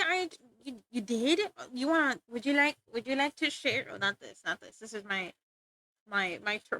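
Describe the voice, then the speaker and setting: Giggly high-voiced young woman streamer. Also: bright, forceful tone. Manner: giggly, playful, rambling, talks to chat. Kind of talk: casual live-stream chat while drawing.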